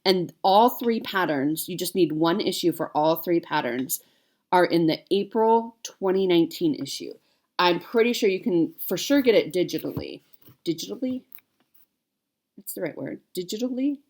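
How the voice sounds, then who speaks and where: Woman, forties, fairly low voice, chatty, rambling, casual vlog talk from home. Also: animated, normal speed, darkish tone. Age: 40s. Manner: chatty and rambling, with many fillers and self-corrections. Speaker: cross-stitch vlogger. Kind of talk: casual chat to viewers.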